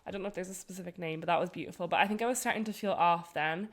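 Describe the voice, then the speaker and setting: A woman telling a travel story on a podcast, animated and full of laughter. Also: fairly low pitch, racing. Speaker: podcast co-host. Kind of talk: casual storytelling chat.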